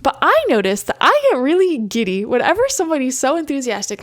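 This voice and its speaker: A young woman giving a casual pick-a-card tarot reading, chatty and animated, laughing often. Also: sits high, quick pace, few pauses. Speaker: tarot reader.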